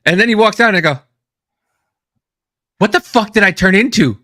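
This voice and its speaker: A man co-hosting a podcast, telling stories in a casual, profane, animated way with sudden loud outbursts. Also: high voice, fairly quick, long pauses, dry recording, studio quality. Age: adult, has an ex-wife. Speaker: podcast co-host. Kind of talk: casual chat.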